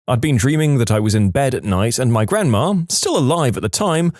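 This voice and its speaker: A man narrating reader-submitted stories in a scripted, expressive way, acting out the quoted lines with changing voices. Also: mid-range voice, no room sound, studio quality. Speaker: storytime narrator.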